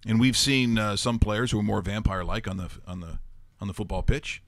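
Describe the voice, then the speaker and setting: Rambling sports host. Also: male voice, fairly low pitch, fairly quick, no echo. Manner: rambling, animated storyteller, laughs often. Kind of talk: casual sports talk.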